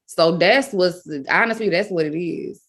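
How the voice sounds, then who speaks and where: A woman's voice: fairly low pitch, measured pace, fairly bright tone. A young woman from Louisiana, a podcast guest talking candidly and emphatically in casual Southern slang.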